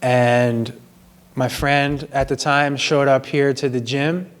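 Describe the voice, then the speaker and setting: Earnest guy talking slow about his regrets, middle pitch, gym. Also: fairly even intonation, clean tone. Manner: earnest, apologetic, slow and measured. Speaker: vlogger sharing personal confessions. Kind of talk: reflective personal monologue.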